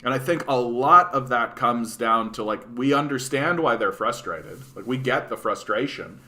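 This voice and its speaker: A man hosts a political livestream and answers his chat. He talks bluntly and swears freely, padding his points with "like" and "right?". His voice is bright and forceful, pitched in a middle range. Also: moderate pace. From Canada. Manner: blunt, profane ranting full of "like" and "right?".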